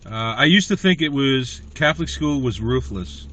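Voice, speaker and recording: A man's voice: medium pitch, lively intonation, moderate pace, fairly bright tone. A man hosting a comedy livestream, chatting in a rambling way to viewers about his school days. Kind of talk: casual livestream chat.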